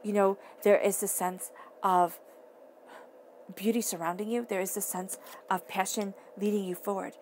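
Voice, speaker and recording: A woman's voice: medium pitch, little pitch movement, moderate pace, a little mellow, slight background noise. A woman giving a casual tarot reading to the listener, earnest and emphatic, often restating her phrases. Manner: emphatic, talks straight to the listener. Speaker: tarot reader.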